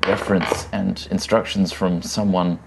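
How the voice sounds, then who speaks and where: Tabletop player, man, very deep voice, formal in-character lines, faint noise. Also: level tone, creaky. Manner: measured, formal in-character speech.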